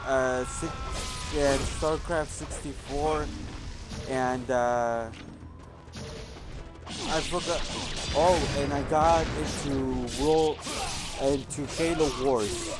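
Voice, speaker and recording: A man in a let's play, chatting casually over his gameplay at an unhurried pace. He rambles and corrects himself mid-sentence, with game music playing clearly behind him. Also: medium pitch, fairly even intonation. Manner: rambling, self-correcting storyteller.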